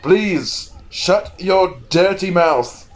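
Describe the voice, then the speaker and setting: A man's voice: mid-range voice, a little slow, lightly acted. A man voicing a tall, lanky, short-tempered nobleman who snaps in exasperated bursts. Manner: snappish, exasperated outbursts.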